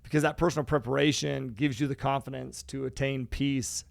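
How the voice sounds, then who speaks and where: A man's voice: medium pitch, steady tone, fairly quick, vocal fry, no echo, clean studio sound. A man co-hosting a podcast, talking in an emphatic, casual motivational way and cursing freely. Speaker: podcast co-host.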